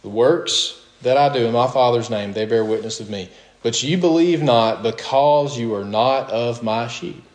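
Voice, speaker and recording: A man preaching with emphatic, insistent delivery, and his voice jumps high whenever he asks a question. His pitch sits in the middle for a man. The sound carries a clear echo, as if he were recorded in a reverberant room. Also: moderate pace. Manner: emphatic, rising to high questions, with short laughs. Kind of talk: sermon.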